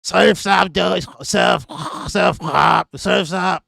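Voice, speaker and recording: A man putting on the voice of a brash young surfer dude, shouting his catchphrases. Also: high voice, drawn-out words, vocal fry, no echo, studio quality, voice pushed up, full character voice. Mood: stoked.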